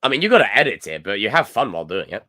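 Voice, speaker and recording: A young man with a Scottish accent chats live with his viewers, ranting and joking in an animated way. His voice sits a little low but sounds bright and forceful. The sound is dry and close. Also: racing, dry recording. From Scotland. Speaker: livestream host. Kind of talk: casual live chat reading comments.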